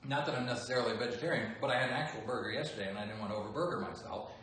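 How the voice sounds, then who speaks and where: A man answering fan questions in a relaxed, joking livestream chat. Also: mid-range voice, racing. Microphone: phone some distance away. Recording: echoey room, voice from far off, faint background noise.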